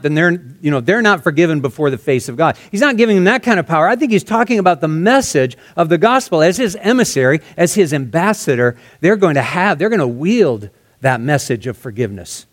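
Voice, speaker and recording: Conversational male pastor, slightly high voice. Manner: conversational, drops to soft hushed tones for emphasis. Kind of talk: expository sermon.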